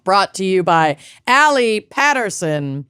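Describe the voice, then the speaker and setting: A woman's voice: medium pitch, very animated, takes it slowly, a bit bright, smooth, no echo. A woman co-hosting a podcast in casual chat, talkative and blunt, swearing freely. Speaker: podcast co-host.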